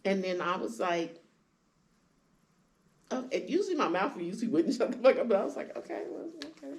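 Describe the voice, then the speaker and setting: A woman candidly telling her own story in conversation, acting out quoted lines with sudden jumps in pitch. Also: animated, moderate pace, a little mellow. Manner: acts out quoted dialogue with big pitch jumps. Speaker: guest sharing her story.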